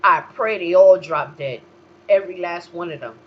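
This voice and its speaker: Heated and foul-mouthed, the solo host of a talk show, a woman, alternates between muttering under her breath and shouting outright. She talks at normal speed, and the sound is lo-fi.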